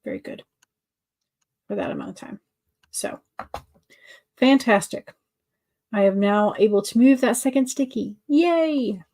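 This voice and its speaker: A woman's voice: medium pitch, measured pace, long pauses, warm tone. A woman hosting a writing-sprint livestream, chatting casually and answering viewer comments with many fillers and restarts.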